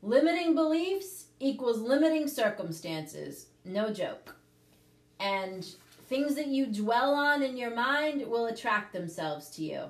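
A woman's voice: fairly high pitch, very animated, takes it slowly, echoey room. A woman hosting a casual talk, coaching her listeners earnestly and checking in with "okay?" as she teaches. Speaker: host, prosperity teacher. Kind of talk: casual livestream teaching chat.

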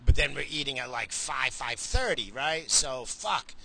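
Man, middle-aged, from the states, driving, profane rant, sharp bright tone, swings up and down in pitch. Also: a little slow, slight background noise, rough recording. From United States. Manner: animated, swearing, self-mocking. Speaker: vlogger. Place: in a car while driving.

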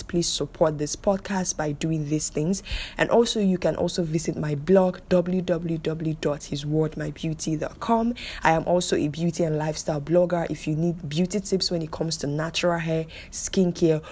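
A young woman hosts her podcast alone, scolding and insisting, saying things twice for emphasis. Her voice sits low and mellow, with a husky edge to it. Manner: emphatic, scolding, repeats phrases for stress. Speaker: podcast host. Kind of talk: solo podcast monologue.

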